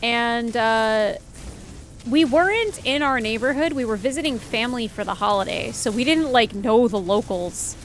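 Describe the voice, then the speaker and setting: A woman's voice: on the high side, lively intonation, normal speed, soft background music. A young woman streamer chatting casually while playing, rambling through stories with lots of fillers. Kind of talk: casual gameplay chat.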